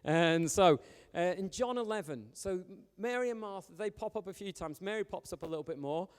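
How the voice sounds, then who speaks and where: A man, a youth pastor preaching in a chatty, animated, storytelling way. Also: sits high, fairly quick, clean tone. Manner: chatty, animated, joking with the young audience. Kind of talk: informal storytelling sermon. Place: church hall. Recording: long hall reverb.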